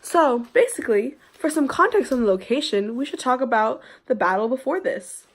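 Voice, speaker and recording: A young woman plays a chatty, casual Civil War nurse who talks to the viewers like a vlogger. Her voice sits fairly high. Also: lively intonation, moderate pace. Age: young adult. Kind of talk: student project skit.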